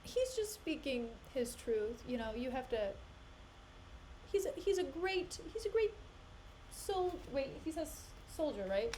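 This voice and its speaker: A young woman streaming a play reading, breaking off into animated, exasperated rants and laughter. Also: high voice, unhurried, a little hiss or hum. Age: young adult. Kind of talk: casual live-stream commentary.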